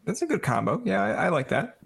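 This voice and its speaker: A male podcast host with a slightly high voice tells stories with energy. He acts out both sides of arguments as he goes and keeps the chat loose. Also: fast, vocal fry, husky. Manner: animated storyteller, acts out quoted exchanges.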